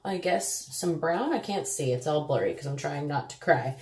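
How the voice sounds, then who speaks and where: A woman's voice: low voice, animated, normal speed, hardly any pauses, a little mellow, slight background noise. A woman beauty vlogger chatting casually through a makeup tutorial, self-deprecating, with sudden exclamations. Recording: echoey room.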